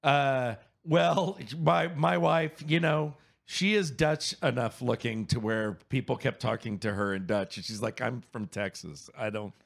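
A man in his fifties from Louisiana, telling a story in casual chat, animated, laughing and swearing freely. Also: medium pitch, measured pace, gravelly, hardly any pauses. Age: 50s.

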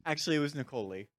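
A man's voice: on the high side, very noisy. A man on a stage panel fumbling a joke, breaking into laughter as he talks. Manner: giggly, keeps breaking into laughter. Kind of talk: live panel chat.

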